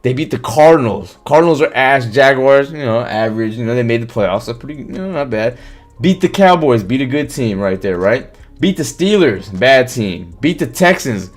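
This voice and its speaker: Animated man talking football on stream. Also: medium pitch. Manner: animated, swears, reads chat comments aloud. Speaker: live stream host. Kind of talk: casual sports talk on a live stream.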